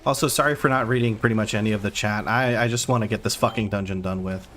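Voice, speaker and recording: Talking fast in a low, steady, slightly bright voice, a man streams a game and narrates each move while throwing wry asides to chat. Slight background noise can be heard.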